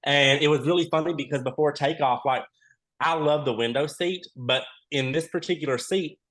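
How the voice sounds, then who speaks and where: A man's voice: fairly high pitch, normal speed. A man, a reality show contestant as a podcast guest, chatting casually and acting out the dialogue in his stories. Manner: animated storyteller, acts out quoted dialogue.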